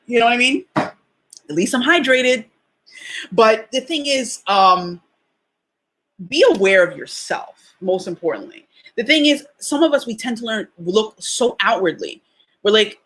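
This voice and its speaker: A woman's voice: on the high side, expressive, moderate pace, fairly bright tone. Woman, young adult, podcast host, casual motivational talk, emphatic, rhetorical questions.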